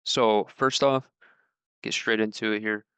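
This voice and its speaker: A man talks through sales objections in a relaxed, conversational way. His voice is bright and smooth, and the recording is dry with no room sound. He lifts his pitch a little whenever he reads out a sample script. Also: a little slow, no echo. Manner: loose and conversational with fillers. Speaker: mortgage sales trainer. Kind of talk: casual instructional talk.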